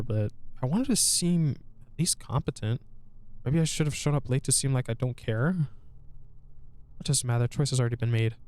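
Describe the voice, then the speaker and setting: A man's voice: mid-range voice, darkish tone. A man playing a narrative game, reading its text aloud and reacting with frequent laughter and swearing. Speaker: gameplay streamer. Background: background guitar music.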